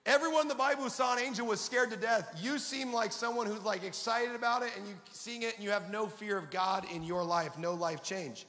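A man delivering an energetic, conversational sermon, his voice high and bright with a forceful edge. He calls out to the congregation for replies. The sound carries the long reverb of a large hall. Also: a little fast, hardly any pauses. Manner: energetic, conversational preaching with audience call-and-response. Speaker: pastor.

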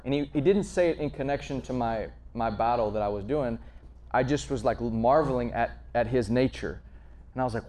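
A man preaching a conversational sermon, earnest and storytelling, swinging between emphatic lines and hushed asides. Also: medium pitch, moderate pace. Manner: frequent fillers and restarts, storytelling.

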